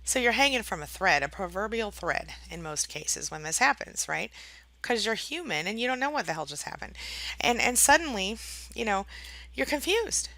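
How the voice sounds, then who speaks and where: Woman giving advice to camera, bright gravelly voice, chatty, keeps saying right? okay?. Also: mid-range voice, big pitch swings, normal speed, no echo. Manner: acts out quoted voices dramatically. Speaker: online coach for abuse survivors. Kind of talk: direct-to-camera advice talk.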